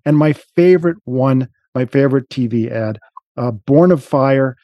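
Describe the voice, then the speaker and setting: A man's voice: mid-range voice, unhurried, dry recording, muffled recording. A man co-hosting a podcast in casual chat, rambling with many restarts and fillers.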